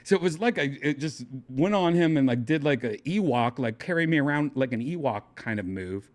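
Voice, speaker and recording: A man, a comedian hosting his own podcast, telling a crude story in casual, animated fashion and laughing often. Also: a little fast. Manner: animated, jumps up in pitch for quoted voices, crude jokes, laughs often. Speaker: podcast host.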